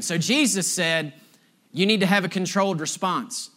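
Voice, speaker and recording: A middle-aged male pastor delivers a sermon in a high, bright voice. He tells stories from the pulpit, moving between emphatic lines and hushed, drawn-out points. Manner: storytelling, swings from emphatic to hushed and slow.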